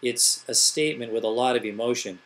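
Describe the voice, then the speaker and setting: In a classroom grammar session, a middle-aged elementary school teacher talks fairly fast with a medium, somewhat bright voice. Patient and methodical, he lays out the rules stepwise and uses rhetorical questions.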